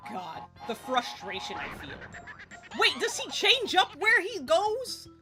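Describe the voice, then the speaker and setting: A woman's voice: sits high, wildly swooping pitch, slow pace, over music. A woman around forty giving casual live gameplay commentary as a streamer, exasperated and swearing freely.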